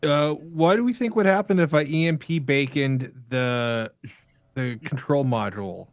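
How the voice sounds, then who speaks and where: A man's voice: on the high side, a little slow, no room sound. A man playing a tabletop game, talking casually and often laughing through his lines. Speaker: player.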